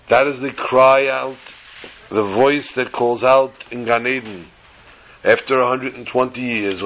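A man telling a religious story to listeners in a measured, dramatic way. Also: mid-range voice, a bit bright, slight background noise, poor audio.

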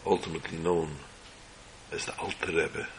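Deep-voiced man telling a religious story. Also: level tone, noisy background. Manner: slow, measured phrasing in short phrases.

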